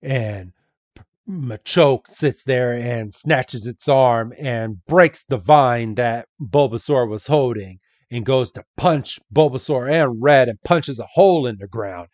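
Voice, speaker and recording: Slow-talking man recapping a comic. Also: medium pitch, a little mellow, no echo, lo-fi sound. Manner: slow, chatty, self-correcting. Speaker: podcast host.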